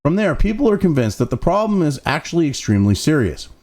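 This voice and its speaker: A man hosting a commentary show reads news excerpts in a fairly high, sing-song, darkish voice, talking fast. Between passages he breaks into profane, sarcastic, exasperated rants and mocking asides.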